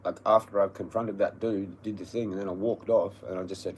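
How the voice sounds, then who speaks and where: An Australian man on a livestream, telling a story as an angry, profane rant that swings between low muttering and loud yelling. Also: fairly even intonation, moderate pace, a little hiss or hum, low-quality recording. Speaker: livestream host.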